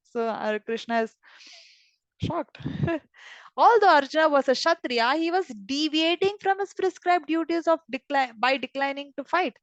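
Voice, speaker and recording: High-voiced woman teaching scripture. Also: unhurried, no echo, dull audio. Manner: expressive, explains with everyday examples, laughs often. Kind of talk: devotional scripture class.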